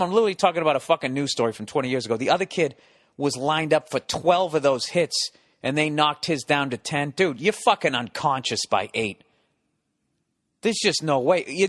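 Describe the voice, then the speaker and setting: A man's voice: high-pitched, fairly bright tone, no room sound, studio quality. A man telling a rambling, profane story as a comedy podcast host, acting out bits as he goes. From United States. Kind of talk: casual comedic monologue.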